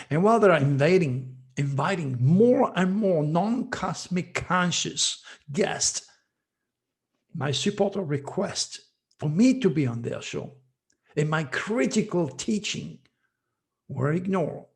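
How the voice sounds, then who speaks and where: Man, astrologer host, slow emphatic rant, gravelly, higher voice. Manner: ranting, repetitive, scolding. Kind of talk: emphatic monologue.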